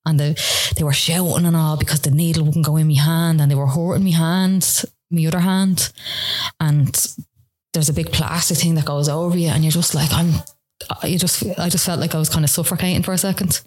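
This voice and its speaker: Her voice is deep, husky, and darkish, with fairly level intonation and a brisk pace. Appearing as a podcast interview guest, this woman earnestly tells a painful personal story through tears, with lots of fillers and false starts.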